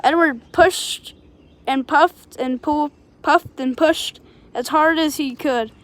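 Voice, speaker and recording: High-voiced woman reading a storybook. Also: takes it slowly. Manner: unpolished reading with small slips and apologies. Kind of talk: reading a children's storybook aloud.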